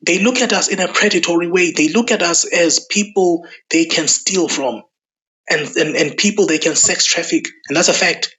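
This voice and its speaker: A man's voice: fairly high pitch, normal speed. A man giving an angry political monologue to camera, driving points home by repeating himself. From South Africa. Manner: forceful, repeats lines for emphasis. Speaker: political commentator.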